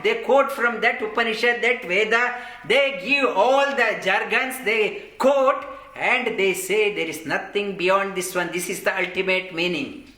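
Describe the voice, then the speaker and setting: A man's voice: sits high, pushed and bright. A man teaching a scripture class, explaining verses in an earnest, repetitive way. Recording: roomy echo.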